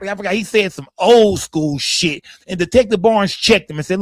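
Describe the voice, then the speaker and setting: A man's voice: high-pitched, moderate pace, no room sound. Profane man ranting on a stream. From Dallas, Texas. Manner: profane, rambling, animated. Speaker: livestream host. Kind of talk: casual livestream commentary. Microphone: streaming setup, close mic.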